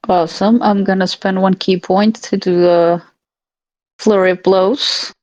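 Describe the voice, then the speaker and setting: A woman's voice: mid-range voice, fairly even intonation, measured pace, darkish tone, no room sound, rough recording. A woman playing a tabletop game, talking casually in an upbeat, direct way. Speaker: player. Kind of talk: casual chat.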